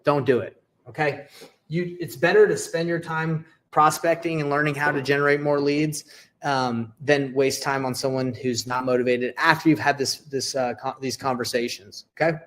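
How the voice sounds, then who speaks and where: A young adult man giving a live sales training, energetic and repetitive, checking in with "okay" and acting out sample calls. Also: mid-range voice, normal speed. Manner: energetic, repeats "okay" and "all right", acts out sample seller calls. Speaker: real estate sales coach. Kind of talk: live training talk to camera.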